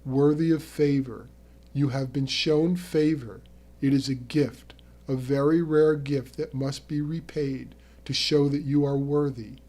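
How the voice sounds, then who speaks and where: Soft, even-voiced mysterious man, as a narrator puts him on. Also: medium pitch, measured pace, natural voice. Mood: solemn. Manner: solemn, earnest pleading. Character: calm mysterious man speaking softly and evenly.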